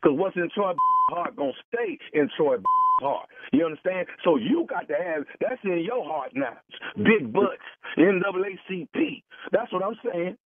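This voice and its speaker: A man's voice: high-pitched, lively intonation, moderate pace, no echo. A man making a radio prank phone call, talking in a pushy, overwrought pleading way. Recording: tinny phone line.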